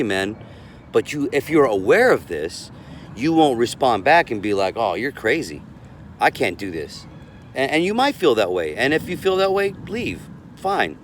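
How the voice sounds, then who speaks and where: A man's voice: medium pitch, a little hiss or hum. A man giving casual relationship advice as a coach, rambling and repeating words as he talks.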